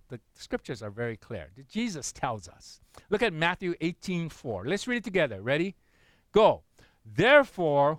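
A man's voice: medium pitch, no echo. Conversational preacher man, dry sound. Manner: call-and-response preaching, has listeners finish verses; conversational, many fillers and rhetorical questions. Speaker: pastor. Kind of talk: sermon.

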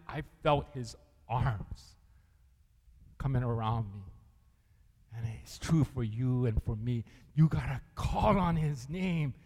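A man preaching a sermon as pastor, earnest, often laughing and putting questions to the congregation. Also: a little high. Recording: long reverb of a large hall.

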